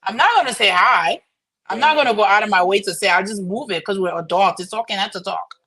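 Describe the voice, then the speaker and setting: A woman's voice: medium pitch, fast, a bit bright, breathy edge, low-quality recording. A woman on a casual panel discussion, speaking bluntly and matter-of-factly.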